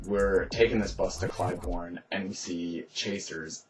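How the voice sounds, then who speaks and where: A man narrating his run through a city chase game in a casual, lively storytelling voice, acting out the shouts he heard. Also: deep voice, measured pace, music in the background. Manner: lively retelling, acts out quoted shouts.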